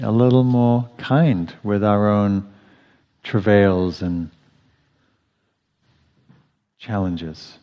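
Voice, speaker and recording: A man giving a dharma talk as a meditation teacher in a meditation hall, speaking gently and reflectively, often restarting his phrases. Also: on the low side, steady tone, drawn-out words, pauses often. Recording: dull audio with long hall reverb.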